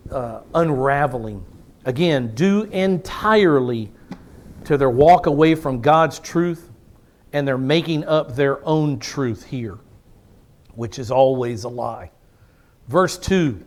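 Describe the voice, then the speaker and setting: High-voiced emphatic male preacher. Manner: emphatic preaching, rhetorical questions, fillers. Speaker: pastor. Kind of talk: sermon, Bible teaching.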